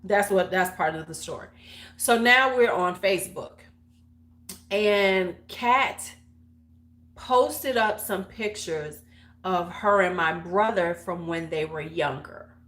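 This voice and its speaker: A woman's voice: fairly low pitch, takes it slowly, a bit bright. A woman in her forties hosting a beauty livestream, telling a long gossipy story in a loose, frank, salty way. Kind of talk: casual storytelling chat. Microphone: livestream webcam mic.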